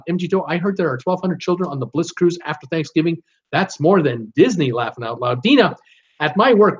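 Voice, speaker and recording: A man's voice: on the high side, muffled recording. An older man hosting a live stream, chatting casually as he reads viewer comments aloud. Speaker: host of a live cruise Q&A stream.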